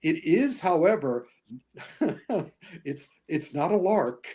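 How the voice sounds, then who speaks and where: An older man, a guest critic, explaining movies in a measured casual chat. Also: on the high side, expressive, mellow.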